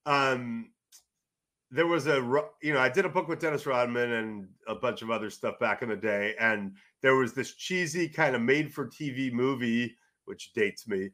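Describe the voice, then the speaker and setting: A middle-aged man from California, a sports journalist and guest, telling loud, rambling stories in casual podcast chat. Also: mid-range voice, moderate pace. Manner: animated storyteller, loud, rambling with restarts.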